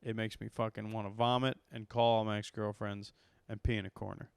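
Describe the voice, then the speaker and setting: A man's voice: on the low side, level tone, a little fast, gravelly, clear, resonant tone, dry recording. A man, a comedian hosting his own podcast, telling a rambling, profane story and getting worked up as he goes. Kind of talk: casual storytelling monologue.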